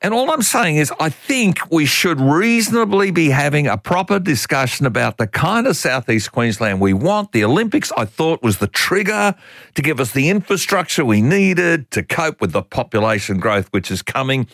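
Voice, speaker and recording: Animated older Australian talkback host. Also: male voice, fairly high pitch, moderate pace, no room sound. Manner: animated, exasperated, folksy opinionated talk with laughs. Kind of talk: talkback radio chat.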